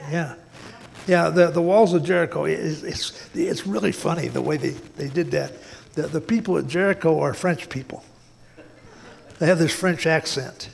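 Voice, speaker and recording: A man's voice: fairly high pitch, moderate pace, gravelly, in a large hall. A man preaching a sermon as pastor, folksy and plain-spoken, often repeating words and tossing in "man". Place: church sanctuary.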